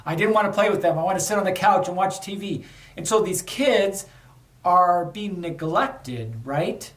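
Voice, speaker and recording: A middle-aged man with a high-pitched voice and lively intonation speaks at a moderate pace. He's a podcast host and former undercover officer, casually sharing a candid personal story that carries a lesson. The recording sounds echoey, and he's a bit far from the mic.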